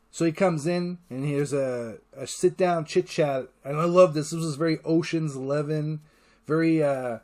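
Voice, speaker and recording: A man's voice: fairly high pitch, a little mellow. A man hosting a casual solo podcast, rambling with enthusiasm and swearing freely. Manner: enthusiastic, profane, rambling retelling; acts out character lines in quick voices. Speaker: podcast host.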